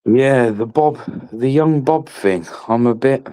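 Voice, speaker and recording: A man's voice: medium pitch, slow pace, warm tone, smooth, no echo. A man hosting a casual late-night live stream chat, opinionated and repetitive, swearing casually.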